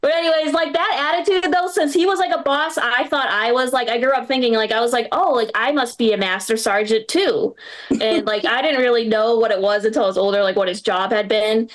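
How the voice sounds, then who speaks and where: Young woman comic, high voice, rambly standup story with lots of likes, from boston. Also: steady tone, brisk. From Boston area. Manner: rambling, filler-heavy storytelling with lots of "like" and laughs. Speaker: stand-up comedian. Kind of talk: stand-up set. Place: small live comedy venue with audience.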